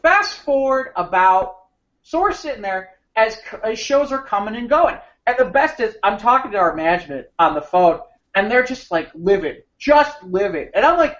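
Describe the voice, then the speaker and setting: A man co-hosting a podcast, telling an animated, rambling anecdote with frequent restarts. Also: high voice, normal speed. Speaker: podcast co-host. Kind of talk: casual storytelling chat. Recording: slightly muffled podcast audio.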